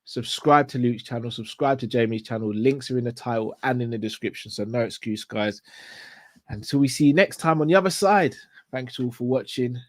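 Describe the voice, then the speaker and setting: A man's voice: mid-range voice, brisk, no room sound, studio quality. A man hosting a casual fight watchalong, chatty and upbeat, signing off like a show host. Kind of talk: casual fight commentary chat.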